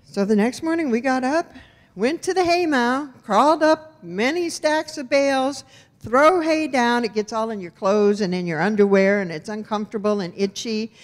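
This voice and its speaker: A woman from rural Iowa telling a personal story on stage, wry and expressive, with long hall reverb. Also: a little high. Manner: wry, expressive, animated in punchlines. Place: storytelling event venue.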